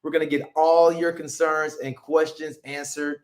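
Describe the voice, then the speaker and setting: A man hosting a live stream, hyped and upbeat, introducing guests in an excited chatty way. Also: fairly high pitch, moderate pace. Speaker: host. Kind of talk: excited livestream chat.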